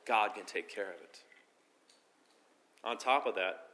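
A man preaching a sermon as pastor, building to emphatic peaks and easing into soft, slow endings. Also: fairly low pitch. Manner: preaching with rising emphasis and soft, slow drops at phrase ends.

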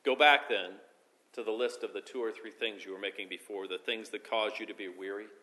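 A pastor delivers a sermon in a bright, forceful male voice. He presses key phrases with emphasis, then lets sentences fall away quietly and slowly. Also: on the low side, fairly even intonation. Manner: preaching with rising emphasis and soft, slow drops at phrase ends.

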